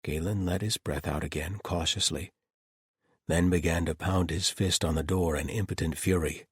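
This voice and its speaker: A man narrating a fantasy audiobook with expressive storytelling. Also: sits low, moderate pace, husky, no room sound, clean studio sound. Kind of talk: scripted narration.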